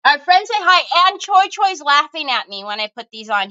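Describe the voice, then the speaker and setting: A woman's voice: high-pitched, big pitch swings, normal speed, sharp tone, muffled recording. A woman hosting a casual craft livestream, chatty and giggly, greeting viewers by name as she talks into her phone at home.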